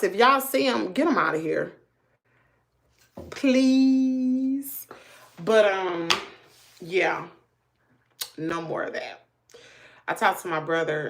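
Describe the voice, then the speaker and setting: A woman, telling a story to her viewers in a chatty, animated way with lots of asides. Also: on the low side. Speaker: family vlogger.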